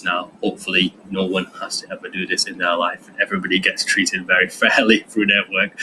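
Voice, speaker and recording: A man's voice: deep voice, sharp tone, slight background noise, poor audio. A man, a drama teacher explaining a lesson in a chatty way with fillers. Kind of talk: recorded online lesson.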